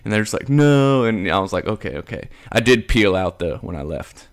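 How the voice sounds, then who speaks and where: A man's voice: deep voice, fairly quick. A young man chatting casually on a podcast. He tells stories with energy and acts out the other people in a raised, mocking voice. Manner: animated storyteller, acts out quotes in a raised voice. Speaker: podcast co-host. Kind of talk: casual chat.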